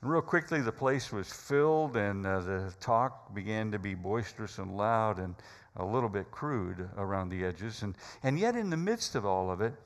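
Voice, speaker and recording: A man's voice: lowish voice, animated, moderate pace, big-room sound. A man preaching a sermon, telling a story dramatically with hesitant fillers.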